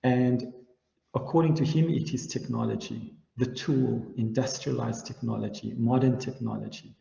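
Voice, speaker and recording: A man with a low, gravelly voice gives a university lecture in a large hall. He explains each point patiently and keeps asking his listeners "right?". The recording is dull and lo-fi, and the hall gives it a long echo. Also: fairly even intonation, moderate pace, dark tone. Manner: explanatory, often checks in with "right?". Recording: echoey hall, dull lo-fi sound.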